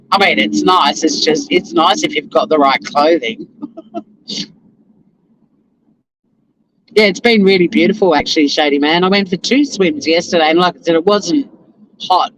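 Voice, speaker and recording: Casual Australian woman, middle-aged, loose rambling chat from inside a car, with loud road noise behind her. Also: lowish voice. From Tasmania, Australia. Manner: chatty, rambling, laughs often. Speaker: vlogger. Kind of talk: casual chat while driving.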